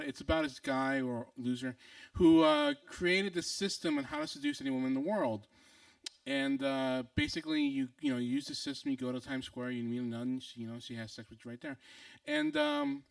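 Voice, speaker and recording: Young guy telling a funny story to a crowd, bouncy voice with gravelly edges, acts out everyone, lots of ums, dry sound, mic kinda far off. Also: on the high side, no echo. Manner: animated, acts out other people's lines, many fillers and restarts. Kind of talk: comic personal storytelling to an audience.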